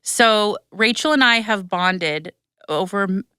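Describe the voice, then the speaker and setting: A woman's voice: mid-range voice, slow pace, pushed and bright, clean tone, no echo, clean studio sound. A woman in her thirties hosting a podcast, telling stories animatedly and acting out the voices she quotes. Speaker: podcast host. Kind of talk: casual chat.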